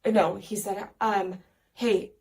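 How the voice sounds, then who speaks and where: A woman in a casual chat, retelling a child's message with chuckles and quick agreement. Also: mid-range voice. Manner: warm, lively retelling with chuckles and backchannels.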